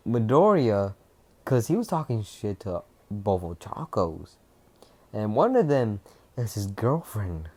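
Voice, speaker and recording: A young man casually retelling a fan-fiction story, rambling and rushed, with restarts and swearing. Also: on the low side, very animated, a little mellow.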